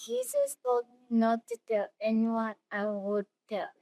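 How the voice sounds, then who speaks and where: A woman in a Bible class giving short, quiet answers, heard from off the mic. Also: fairly high pitch, huge pitch swings, unhurried. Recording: faint, from far off the mic.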